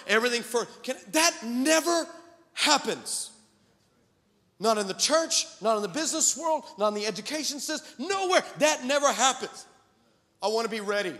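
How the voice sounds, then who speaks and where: A man preaching a sermon to his congregation, telling stories with animated humor and jokes. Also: extremely high pitch, in a large hall. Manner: animated storytelling, joking with the congregation. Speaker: pastor. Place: church sanctuary.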